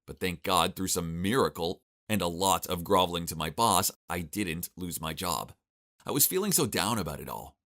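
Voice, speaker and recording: A young man narrates his own animated story in a wry, exasperated tone. His voice sits on the low side but swoops widely as he tells it, punctuated by groans and asides. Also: normal speed. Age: young adult. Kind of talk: scripted first-person story narration.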